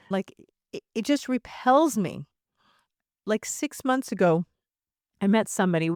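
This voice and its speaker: A woman's voice: medium pitch, clean tone, no room sound, studio quality. A middle-aged woman hosting a solo podcast, talking in a conversational, emphatic way and laughing now and then. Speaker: podcast host.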